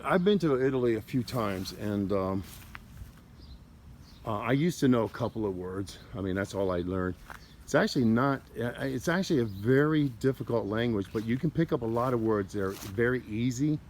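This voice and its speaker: A man's voice: on the low side, gravelly, a little mellow, slight background noise. A man casually narrating a walk through a cemetery, rambling and stumbling over names as he reads gravestones. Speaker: cemetery tour vlogger. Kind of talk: casual walking commentary. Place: outdoor cemetery.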